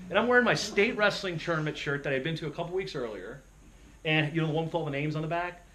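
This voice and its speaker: A man telling self-deprecating stories to an audience in an animated, lively speaking style. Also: a little high, fast talker. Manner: animated, self-deprecating, jumps into voices for quotes. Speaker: motivational speaker. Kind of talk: storytelling speech to an audience.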